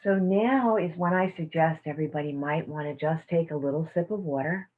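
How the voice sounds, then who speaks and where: Soft slow woman leading a meditation class, kinda low voice, sounds like a phone line. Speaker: self-care class teacher. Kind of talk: guided meditation and teaching. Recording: tinny phone-like audio.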